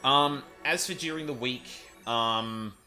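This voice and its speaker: A man's voice: medium pitch, slow pace, pushed and bright, faint music behind. A man streaming, chatting casually and rambling with lots of fillers and self-corrections. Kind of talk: casual stream wrap-up chat.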